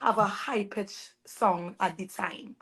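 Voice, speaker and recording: A young woman with a Trinidadian accent, telling her life story as a guest in a casual interview, animated and quick to laugh. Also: medium pitch, slightly rough. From Trinidad and Tobago. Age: young adult. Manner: animated, laughs often, trails off with fillers. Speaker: soca artist guest.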